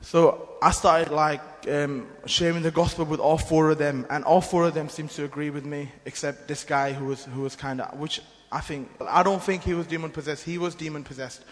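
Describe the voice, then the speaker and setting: A man's voice: a little high, fairly even intonation, moderate pace, few pauses. Earnest man, ringing hall. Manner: earnest, rambling storytelling with many restarts. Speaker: mission team member giving testimony. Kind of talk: church testimony. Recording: long hall reverb.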